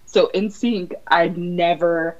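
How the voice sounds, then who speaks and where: Excitable low-voiced woman, lo-fi audio. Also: takes it slowly. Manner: excitable fan storytelling with laughs. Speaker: podcast guest. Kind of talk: casual chat. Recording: dull lo-fi podcast audio.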